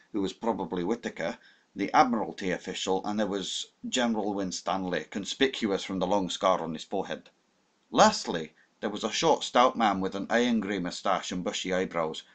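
Male audiobook narrator, fairly low voice, dramatic first-person reading. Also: a bit bright.

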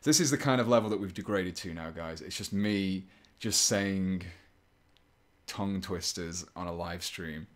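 A very low-pitched man talks into a desk microphone as he paints on a live stream. He thinks aloud in a loose, rambling way. He keeps teasing himself in a playful tone. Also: a little slow. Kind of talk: casual live-stream chat.

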